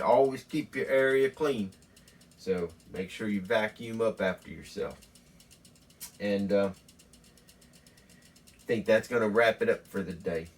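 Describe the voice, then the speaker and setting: Slow-talking folksy male host. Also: on the low side, far from the mic. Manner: folksy, deadpan, rambling. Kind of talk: mock home tutorial comedy.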